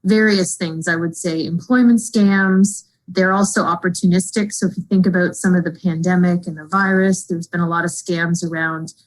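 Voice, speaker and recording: Woman guest, fraud expert, measured, somewhat low voice. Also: steady tone, rough recording. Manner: measured, explanatory. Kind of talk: interview.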